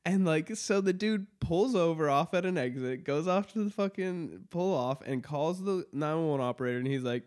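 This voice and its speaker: A man hosting a podcast in casual chat, with a slightly raised voice. He rambles through stories, swears freely and breaks into laughs, talking into a studio mic. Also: a little high. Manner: rambling, profane, laughing often. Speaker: podcast host.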